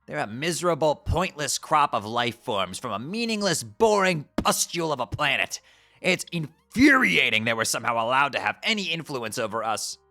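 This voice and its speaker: A man voicing an angry young male troll who rants loudly and sounds exasperated. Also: medium pitch, expressive, normal speed, faint music behind, pitched above the performer's own voice. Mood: scornful. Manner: ranting, loud and exasperated.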